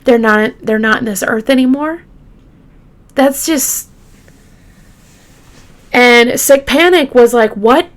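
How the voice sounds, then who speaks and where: A woman hosting a true crime show, retelling a case casually with halting fillers and restarts, openly shaken by the grim details. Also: fairly high pitch. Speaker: true crime podcast host.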